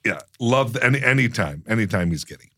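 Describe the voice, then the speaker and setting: A man's voice: on the low side, expressive, bright, forceful tone, no room sound. Man, podcast co-host, casual storytelling, gushing, dry close mic. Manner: gushing, storytelling, quick to laugh, restarts sentences. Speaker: podcast co-host and former cast member. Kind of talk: casual chat.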